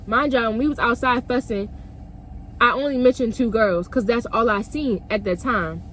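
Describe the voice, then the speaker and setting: A woman's voice: fairly high pitch, normal speed, fairly bright tone, a little hiss or hum. A young woman telling a personal story to her viewers, profane and emphatic, talking straight to the camera audience. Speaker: vlogger. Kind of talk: storytime vlog.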